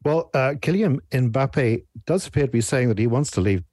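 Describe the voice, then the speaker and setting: Host guy, bouncy pitch all over the place, joking around, dry mic. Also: expressive, moderate pace, darkish tone, dry recording. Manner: jokey, playful, laughs often. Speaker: show host. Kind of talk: hosting a football panel.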